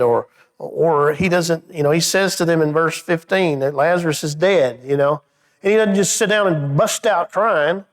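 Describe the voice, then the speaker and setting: A man with a notably high voice teaches a Bible study in church. He speaks conversationally, often restarting his sentences with little stammers, and his voice sinks quiet when he turns thoughtful. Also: normal speed.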